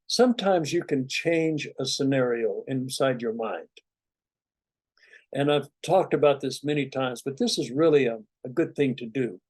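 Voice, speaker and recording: Speaking at medium pitch and a moderate pace, a man addresses his students as their meditation teacher. The spiritual talk is loose and conversational, drifting into many asides, and the recording has no echo.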